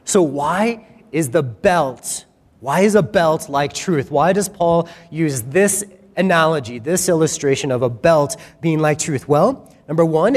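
A man preaching a sermon in a conversational, animated way, acting out quoted voices. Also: a little high. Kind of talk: sermon teaching. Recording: reverberant hall.

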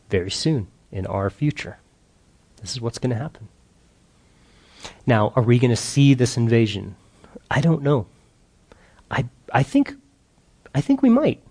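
A man giving an informal sermon to a group, telling a Bible story in a lively, slangy, casual way. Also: lowish voice.

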